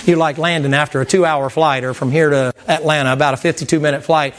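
A man preaching a sermon to a congregation in a folksy, animated way, repeating words and mimicking sounds. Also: a little high, quick pace. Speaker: pastor. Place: church sanctuary with congregation.

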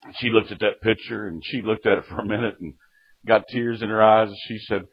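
A man preaching a testimony sermon, telling his story in a folksy way with sudden jumps in loudness. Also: on the low side, steady tone, brisk, slightly rough. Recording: dull lo-fi recording.

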